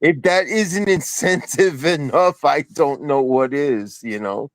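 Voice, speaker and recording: Soft-spoken older man, halting delivery. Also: a little high, no room sound. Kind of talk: casual sports chat.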